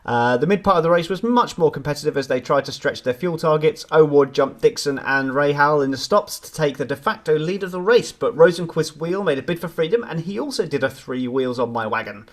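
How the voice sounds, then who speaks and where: A British man co-hosting a casual motorsport podcast, running through the race in order and breaking off into jokes. His voice sits a bit high for a man. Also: animated, fairly quick, few pauses. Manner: reads race summary, joking asides, laughs often. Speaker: podcast co-host. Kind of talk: casual race review chat.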